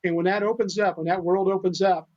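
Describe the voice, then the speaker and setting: A man's voice: high voice, fairly even intonation, fast. An older man, a guest telling stories about animal rescue in an earnest, rambling way with many restarts, on a dull recording. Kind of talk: storytelling interview talk. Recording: dull lo-fi sound.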